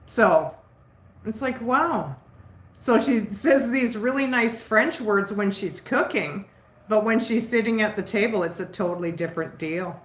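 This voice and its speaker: A woman's voice: medium pitch, slight background noise. Chatty, giggly woman in a roomy kitchen. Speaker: livestream host. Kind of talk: casual chat with live viewers. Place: home kitchen. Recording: roomy echo.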